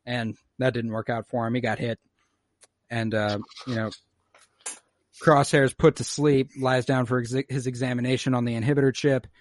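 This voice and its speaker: A man recapping an episode in loose, profane chat, jumping into quick put-on voices for each character. His voice is dry and close, with no room sound. He talks at an even, middling pitch. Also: no room sound. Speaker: podcast co-host recapping an episode.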